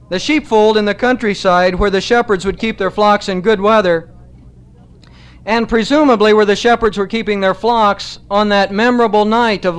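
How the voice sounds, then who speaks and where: A man preaching a sermon in a measured, emphatic way, slowing down to stress key phrases. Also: sits high, clear, resonant tone.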